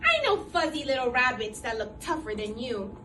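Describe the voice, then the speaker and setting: A woman's voice: high voice, very animated, moderate pace, pushed and bright, distant mic, slight background noise, heavily acted. A woman doing a scornful boasting puma. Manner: mocking, boastful.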